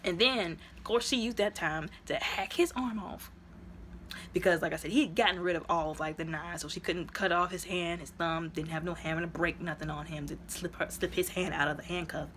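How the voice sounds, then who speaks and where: Woman recapping a movie, chatty and rambling, lowish voice, lots of "like". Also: fairly even intonation, a little fast, fairly bright tone, slight background noise. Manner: chatty, acts out the characters' lines, many "like" fillers. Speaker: movie reviewer. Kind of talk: casual plot retelling.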